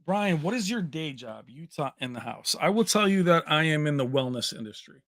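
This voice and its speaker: A man hosts a relaxed livestream, reading viewer comments aloud in a chatty, joking way. His voice sits a little high and sounds bright and forward. The sound is close and dry, with no room echo. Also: a little fast. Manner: chatty, reads names and places aloud, jokey. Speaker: livestream host.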